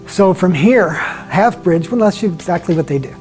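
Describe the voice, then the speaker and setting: A man leading a yoga class, giving calm, slow step-by-step cues and often dropping his voice softly. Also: sits high, soft background music. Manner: calm, slow guiding cues with soft drops in volume. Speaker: yoga instructor. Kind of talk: guided yoga class instruction.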